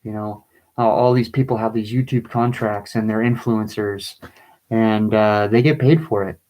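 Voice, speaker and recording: A man reading and explaining his own poem in a video, pleading and agitated, his voice rising into angry bursts, with halting restarts. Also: lowish voice, fairly even intonation, a little mellow, rough recording. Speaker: vlogger.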